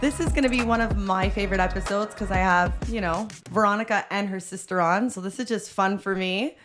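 A woman's voice: medium pitch, a little fast. Woman, podcast co-host, teasing, casual chat, faint music behind.

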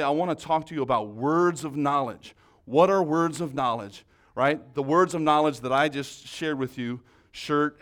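A man's voice: a little high, fairly bright tone. Conversational man preaching. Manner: storytelling, conversational, with frequent restarts. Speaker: pastor. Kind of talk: sermon.

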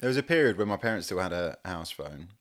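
A man with a very low, deep voice co-hosting a comedy podcast as its producer. He is easygoing and quick to laugh, and keeps the banter relaxed. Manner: laid-back, laughs often. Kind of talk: casual podcast chat.

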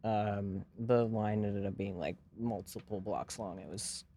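A man's voice: fairly low pitch, fairly even intonation, unhurried, crowd noise. A young man co-hosting a podcast, telling a long story in casual chat, rambling and swearing freely with lots of fillers. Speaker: podcast co-host.

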